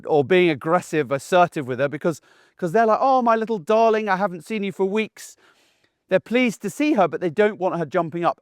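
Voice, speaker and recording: A man's voice: on the high side, no echo, studio quality. A middle-aged man, a dog trainer, giving an instructional talk to camera in an assertive, down-to-earth way, often checking in with "okay?". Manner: plain-spoken, assertive, down-to-earth.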